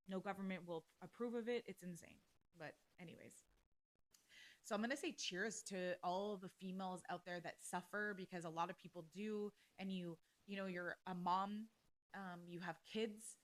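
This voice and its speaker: A woman's voice: mid-range voice, fairly bright tone. A woman hosting a casual solo podcast, ranting bluntly and heatedly with plenty of swearing. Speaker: podcast host.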